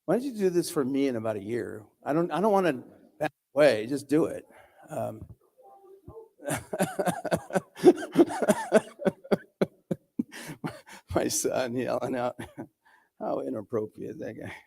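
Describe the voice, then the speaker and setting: A man's voice: mid-range voice, lively intonation, normal speed, vocal fry, a little mellow, slightly rough. A man, the brother of the deceased, speaking at a church memorial with joking, rambling remarks.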